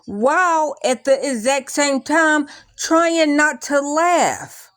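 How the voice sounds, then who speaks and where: A young adult woman talking through her feelings in a rambling, animated vlog, full of likes and restarts. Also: high voice, takes it slowly, no room sound. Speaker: vlogger. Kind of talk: casual confessional talk to camera.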